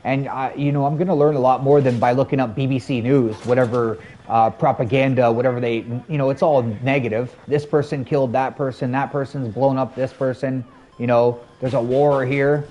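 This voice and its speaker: A man's voice: mid-range voice, fairly even intonation, a little fast, mellow, lo-fi sound. Rambling male game streamer. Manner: rambling, friendly, chatting with viewers between game reactions. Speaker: gaming streamer. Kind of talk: casual live-stream chat while gaming.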